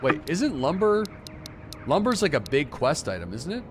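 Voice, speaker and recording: A man's voice: on the high side, huge pitch swings, normal speed, music in the background. A man streaming a game, casually chatting with a co-op partner, swearing and thinking aloud. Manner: laid-back, profane, thinking aloud. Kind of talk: casual gaming chat with a co-op partner.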